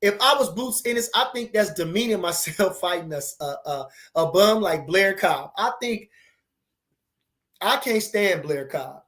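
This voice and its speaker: Male boxing-stream host, loose and animated, slangy, repeats himself, reads viewer comments. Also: sits high, unhurried. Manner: animated, slangy, repeats phrases, laughs often. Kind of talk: casual livestream chat reading viewer comments.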